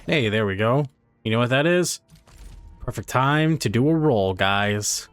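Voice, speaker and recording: A man's voice: medium pitch, animated, measured pace, smooth, dry recording, faint music behind. A young man casually commenting on a game he streams, joking around and slipping into silly voices. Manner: jokey, does silly voices.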